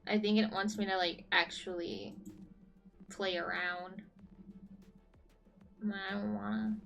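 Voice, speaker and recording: A woman's voice: mid-range voice, steady tone, slow, creaky, fairly bright tone, muffled recording, soft background music. A woman streaming a shooter game, chatting casually and mocking her own play, with the odd swear. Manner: chatty, self-deprecating, swearing. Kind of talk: casual gameplay commentary.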